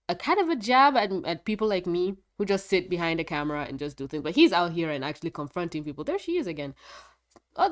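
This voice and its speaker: A woman with a congested voice chatting through a casual video review, rambling and quick to laugh. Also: on the low side. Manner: a bit foggy and scattered. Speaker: show reviewer.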